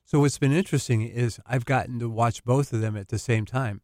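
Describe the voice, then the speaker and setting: A man's voice: mid-range voice, fairly quick, mellow, dry recording, clean studio sound. A man speaking as a Christian counselor on a radio talk show, laughing easily as he chats. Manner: laughs easily, good-humored. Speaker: Christian counselor, regular guest. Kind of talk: casual chat.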